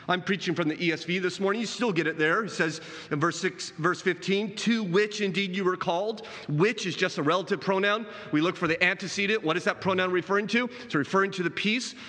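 A pastor delivering a sermon, a man with a bright, penetrating tone and a voice pitched somewhat high. He preaches earnestly, climbing for emphasis and sinking low to press a point, often putting questions to the congregation. The sound rings with a long church-hall reverb. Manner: earnest preaching, animated rises and drops, rhetorical questions.

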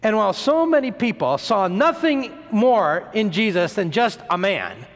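Male preacher, high lively voice, storytelling sermon, long hall reverb. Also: moderate pace. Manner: animated, acts out quoted voices, stumbles and repeats words. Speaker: pastor.

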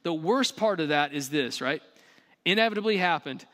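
High bright-voiced preacher in a reverberant hall. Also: male voice, normal speed. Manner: animated preaching with rising emphasis and asides. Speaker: pastor. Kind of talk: sermon. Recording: long reverb of a large hall.

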